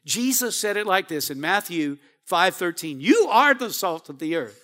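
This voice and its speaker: Preacher guy, high bright voice, calling out to the church. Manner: preaching with calls to the congregation. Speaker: pastor. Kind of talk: sermon.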